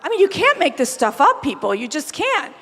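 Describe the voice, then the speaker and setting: A woman telling lively anecdotes to a crowd at an event, emphatic and rousing. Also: high voice, a little fast, slight background noise. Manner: animated, emphatic, builds to rousing calls. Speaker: speaker at a political event. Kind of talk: storytelling speech to a crowd. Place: event venue before a crowd. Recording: reverberant event hall.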